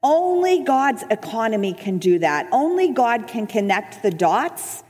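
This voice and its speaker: A woman's voice: fairly high pitch, measured pace. A woman telling an emotional personal testimony as a speaker at a church service. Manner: animated, emotional storyteller. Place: church hall. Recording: reverberant church hall.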